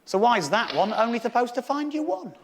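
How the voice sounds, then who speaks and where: British male stand-up, high and excitable, punchlines yelled, noisy live-show sound. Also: fairly quick. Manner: excitable, swearing, shouting punchlines. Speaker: stand-up comedian. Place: theatre stage with audience laughter.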